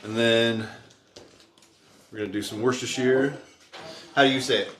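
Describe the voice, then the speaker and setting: A man hosting a casual home cooking stream, talking through each step in a relaxed, chatty way. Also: mid-range voice, moderate pace, slight background noise. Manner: relaxed, chatty, explains steps as he cooks. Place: home kitchen. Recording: echoey kitchen with background music. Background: royalty-free background music.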